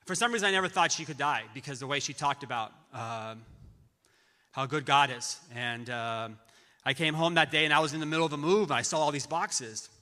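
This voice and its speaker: A middle-aged man's fairly high, very bright voice carries through a big church hall with a long reverb. He tells a personal tribute in stops and restarts. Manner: halting storytelling with many restarts. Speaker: friend giving a memorial tribute. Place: large church auditorium.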